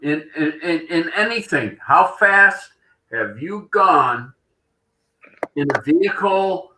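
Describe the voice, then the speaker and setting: Slow-talking man in an echoey room. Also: on the high side, expressive, sharp tone, slight background noise. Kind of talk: casual chat among friends.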